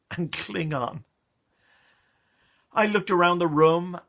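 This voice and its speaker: A middle-aged man telling a funny story with a moral in a lively, theatrical way. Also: fairly high pitch. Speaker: storyteller, communication coach. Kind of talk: motivational story monologue.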